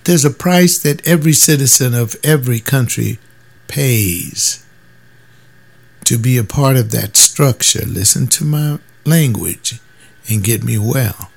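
A man's voice: medium pitch, expressive, a little slow, vocal fry. An older man and former soldier, talking in a casual, emphatic monologue and now and then mimicking other people's voices. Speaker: former soldier sharing views.

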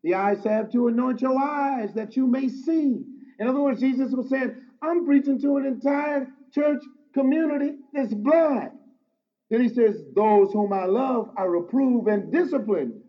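A man preaching a sermon as pastor, swinging from loud emphatic exclamations to low, intimate asides. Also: unhurried. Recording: dull lo-fi sound.

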